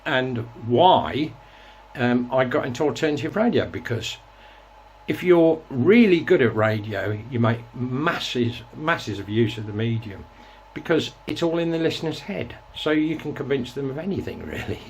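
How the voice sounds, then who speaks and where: A man in his sixties sits and reminisces for his own show, his voice mid-pitched and ordinary. He tells his story in a loose, reflective ramble, circling back and restarting his sentences as he goes. A faint hum of background noise sits under his talk. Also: lively intonation, moderate pace. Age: 60s. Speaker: host. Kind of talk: casual reminiscing monologue.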